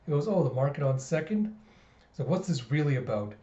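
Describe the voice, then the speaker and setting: A guarded male spy from a cartoon speaks calm and curt, as a man reads him. The voice is mellow and a bit high for a man. The room echoes and the sound is slightly dull. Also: fairly quick, lightly acted. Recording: roomy, slightly dull home recording.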